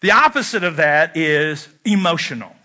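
A middle-aged man delivers a sermon in a loose, conversational way, joking at his own expense. His voice sits high and sounds very bright and ringing. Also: expressive, normal speed. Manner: conversational preaching with self-deprecating humor. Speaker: pastor.

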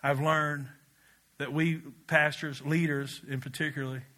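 Animated pastor from Kentucky, bright voice. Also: male voice, a little high, a little slow. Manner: animated storytelling with laughs and shouted quotes. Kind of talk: sermon.

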